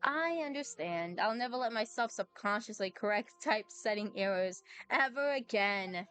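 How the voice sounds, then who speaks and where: A woman reading the lines of an excitable young male architect aloud while playing a game, flustered and dramatic. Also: medium pitch, moderate pace, clean tone, lightly acted.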